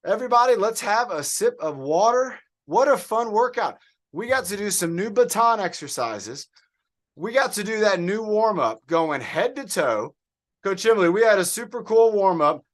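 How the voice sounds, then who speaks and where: An upbeat man coaching an online workout class over a video call. His voice sits notably high for a man, and he keeps an encouraging tone as he praises students by name. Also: expressive, moderate pace. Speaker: fitness coach.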